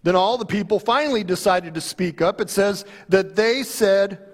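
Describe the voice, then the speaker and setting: A male pastor preaching a sermon with animated storytelling, dramatic pauses and big swings in volume. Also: high-pitched. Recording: long hall reverb.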